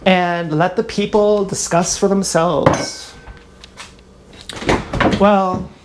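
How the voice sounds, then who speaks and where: A woman's voice: on the low side, fairly even intonation, extremely slow, very noisy. Sarcastic woman rambling on a livestream. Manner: sarcastic, self-mocking, blunt; wandering, half-improvised talk. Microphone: action camera.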